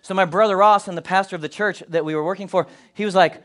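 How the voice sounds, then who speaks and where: A man in his forties, from Colorado, telling a personal story to an audience with animated, self-deprecating humor and joking asides. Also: high-pitched, fast talker, few pauses. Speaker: speaker addressing an audience.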